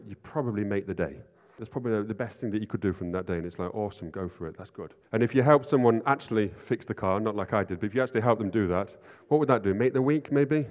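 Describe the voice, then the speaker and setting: Man, informal sermon, rapid self-deprecating delivery, reverberant church hall. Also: on the low side, a little mellow, highs cut off. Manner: chatty and self-deprecating, asks "right?" often. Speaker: preacher.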